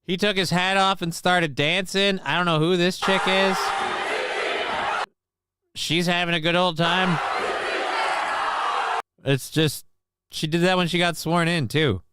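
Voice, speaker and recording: A man's voice: sits high, fairly even intonation, a little slow, long pauses, a loud crowd. A man hosting a casual live-stream talk show, rambling and sardonic with many fillers and restarts, on a close mic.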